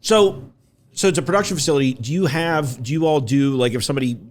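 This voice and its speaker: A man's voice: fairly high pitch, slight background noise. A man hosting a podcast, chatting casually in an enthusiastic, effusive way. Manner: enthusiastic, effusive, quick to laugh. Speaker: podcast host. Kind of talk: casual conversation.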